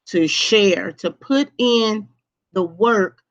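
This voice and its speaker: A woman teacher talks to her students over a live online class, stressing points, repeating herself and checking in with "okay?". Her voice comes through a dull, lo-fi stream at a middle pitch. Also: drawn-out words. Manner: repetitive, emphatic, checks in with "okay?".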